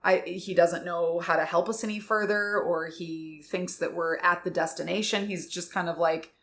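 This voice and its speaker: A young adult woman co-hosting a podcast, telling a story in casual chat, animated and laughing, acting out quotes with big leaps in her voice. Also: fairly low pitch, moderate pace. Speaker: podcast co-host.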